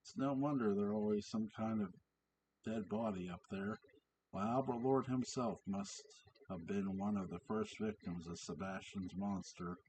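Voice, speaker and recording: A man plays an agitated village fisherman griping about the local gentry, with a low, unhurried voice. The mic sits well back and a faint hiss runs under it. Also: a little mellow, distant mic, natural voice, low-quality recording. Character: angry fisherman airing grievances.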